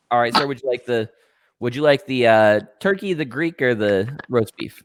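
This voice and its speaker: A man's voice: mid-range voice, brisk, dry recording. A man hosting a podcast who tells a long story, acting out every character's lines with plenty of swearing. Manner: animated storyteller who acts out both sides, profane. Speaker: podcast host. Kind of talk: casual storytelling chat.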